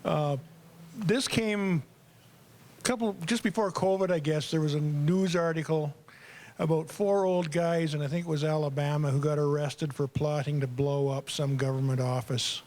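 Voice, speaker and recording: Canadian man, 70s, wry and halting, voice on the high side, reading verse live. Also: steady tone, a little mellow. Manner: wry, halting, self-deprecating. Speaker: poet at an open mic. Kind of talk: casual intro then poetry reading. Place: small acoustic lounge, live audience.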